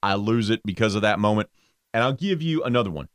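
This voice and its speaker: A man's voice: quick pace, no room sound. Ranting man on a dry sports talk mic. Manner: animated ranting, voice jumping high for emphasis. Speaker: co-host. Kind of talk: casual sports talk chat.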